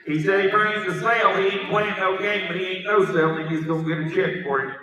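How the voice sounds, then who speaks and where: A man calls a horse auction in a rapid rhythmic chant, tossing quick bantering lines at the bidders. His voice is bright and forceful. He sounds far from the microphone in a large arena with a long, roomy echo. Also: high-pitched, fairly even intonation, dull audio. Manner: rapid rhythmic bid calling with bantering asides.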